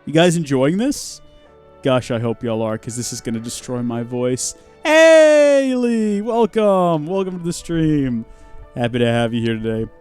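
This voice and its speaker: A man's voice: medium pitch, moderate pace, darkish tone, soft background music. A man hosting a live game stream, with goofy, rambling and chatty commentary.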